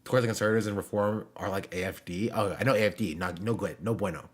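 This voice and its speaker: A young man talks to his stream chat from home in a low, easy voice. He jokes around, tosses in slang, and drifts between topics with plenty of fillers. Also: quick pace. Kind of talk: casual live-stream chat.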